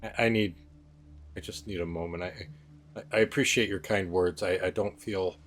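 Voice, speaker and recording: A man voicing a grieving young nobleman who stammers softly through tears. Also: low voice, fairly even intonation, slight background noise, lightly acted. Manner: stammering, halting, soft. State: crying.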